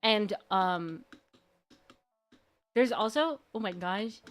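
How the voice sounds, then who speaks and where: A woman streamer chatting casually, gushing and rambling excitably. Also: medium pitch, drawn-out words. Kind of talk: casual live-stream chat. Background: faint background music.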